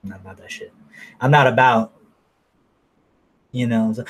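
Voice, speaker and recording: A man ranting casually to camera in a blunt, profane, rambling way, now and then mocking people in a high falsetto. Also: normal speed, a bit bright, slightly rough. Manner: mocks others in high falsetto. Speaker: vlogger.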